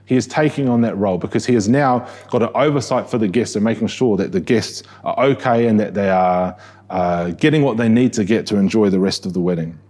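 A man with a New Zealand accent delivers a sermon in a relaxed, conversational way, restarting his phrases and asking the congregation questions. His voice is warm and mellow, with a slightly husky edge. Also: on the low side, fairly quick. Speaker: preacher.

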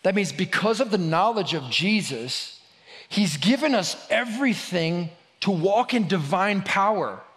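A man preaching a conversational sermon, moving between loud emphasis and hushed, quiet passages. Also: sits high, animated, a little slow. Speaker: pastor. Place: church hall. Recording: long church reverb.

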